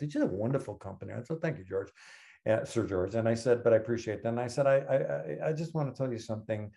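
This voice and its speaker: A man's voice: mid-range voice, fast talker, gravelly, darkish tone. An older man co-hosting a podcast, telling long anecdotes in a casual, rambling way, full of restarts and quoted dialogue. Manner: rambling anecdotes with self-corrections. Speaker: podcast co-host. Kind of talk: casual storytelling.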